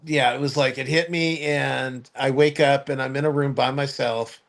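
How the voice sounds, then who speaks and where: A man's voice: steady tone, normal speed, gravelly. A man hosting a podcast, telling a story in casual chat, rambling with many fillers and restarts, and acting out other people's voices when he quotes them. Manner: acts out others' voices in high shouts when quoting. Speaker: podcast host.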